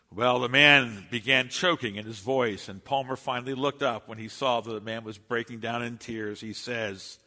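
A man's voice: medium pitch, moderate pace, few pauses, bright, forceful tone, big-room sound. A male pastor preaching a sermon in an earnest, storytelling manner.

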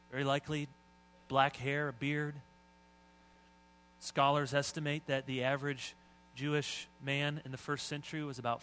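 A middle-aged male pastor preaches with a bright, forceful voice pitched a little high. He talks to the room conversationally, sometimes slipping into mock voices, then builds to emphatic lines. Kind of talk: sermon.

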